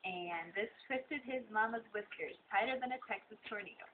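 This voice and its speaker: A woman reading a children's bedtime story aloud at home with animated delivery. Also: medium pitch, moderate pace. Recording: tinny lo-fi with hiss.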